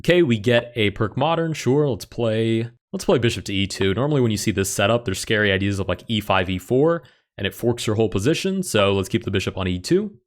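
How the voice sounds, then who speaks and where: A man commentating his own online chess game as he plays, thinking aloud with quick reactive exclamations. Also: on the low side, expressive. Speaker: chess streamer.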